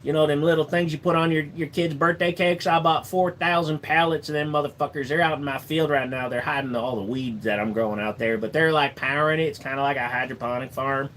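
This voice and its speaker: A man's voice: fairly high pitch, steady tone, fairly quick, few pauses, fairly bright tone, slight background noise, natural voice. A man putting on a Southern country accent to play a boastful, rambling off-grid rural man who swears freely. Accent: Southern US country, put on.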